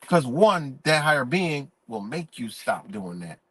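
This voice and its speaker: A man's voice: medium pitch, big pitch swings, a little slow, breathy edge, no echo. A man ranting in a profane, emphatic, preachy way during a live-stream monologue.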